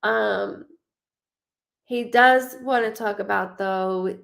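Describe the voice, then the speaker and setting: A woman giving a live psychic reading, talking in quick, rambling bursts and often correcting herself. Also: mid-range voice, gravelly, a bit bright. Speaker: psychic medium. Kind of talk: live-streamed reading to viewers.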